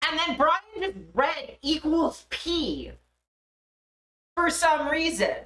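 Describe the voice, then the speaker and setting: A woman's voice: high voice, lively intonation, slow, a bit bright, echoey room. A young woman streaming live, chatting casually and swearing freely as she laughs at herself.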